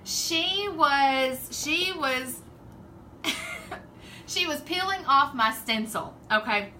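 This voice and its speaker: A woman's voice: sits high, expressive, slow pace, bright, forceful tone, a little hiss or hum, rough recording. A woman with a Southern drawl chatting casually and rambling as the host of a home craft livestream. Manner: chatty, rambling, laughs often. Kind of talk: casual live-stream chat.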